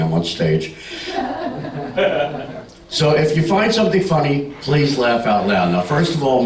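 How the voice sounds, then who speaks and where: Brash stand-up comedian man, lively delivery. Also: on the low side, roomy sound, recorded from a distance, slight background noise, rough recording. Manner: brash, teasing, bawdy banter with the audience. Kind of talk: stand-up comedy with crowd work. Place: comedy club stage.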